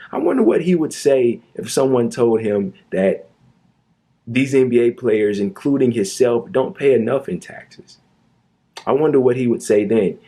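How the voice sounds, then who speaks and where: Indignant, sarcastic man with a husky voice. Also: mid-range voice, animated, unhurried, warm tone. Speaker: commentary youtuber. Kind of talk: opinionated commentary monologue.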